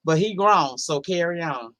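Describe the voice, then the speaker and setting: A woman's voice: on the low side, animated, moderate pace, a bit bright, no room sound. A woman hosting a casual livestream, reading out chat comments in a blunt, profane, sassy way and drawling words for emphasis. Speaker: livestream host.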